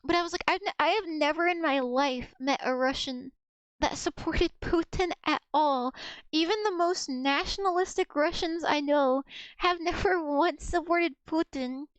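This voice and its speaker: At a moderate pace and with no room sound, a young adult American streamer chats on a livestream, her voice sitting high. She giggles, rambles, and restarts as she talks.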